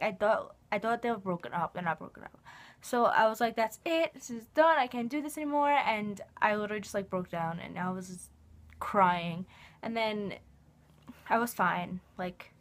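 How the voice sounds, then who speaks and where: Young adult woman vlogger, rambling and emotional, chatty filler-laden delivery. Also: medium pitch. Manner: rambling, emotional, heavy use of "like". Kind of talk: casual fan vlog.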